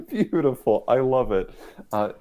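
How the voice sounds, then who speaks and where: A man's voice: medium pitch, wildly swooping pitch, slow pace, warm tone. A man hosting a podcast over a remote call, talking casually with laughs and fillers. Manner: giggly, rambling, fillers. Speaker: podcast host. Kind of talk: casual online show chat. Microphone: remote call mic.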